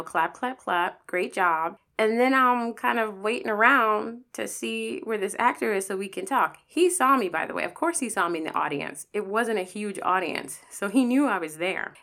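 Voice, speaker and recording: A woman with a gravelly, creaky edge in her voice tells a personal story in a casual monologue. She talks candidly and animatedly, swearing freely and acting out the quotes of the people in her story. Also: medium pitch, a bit bright.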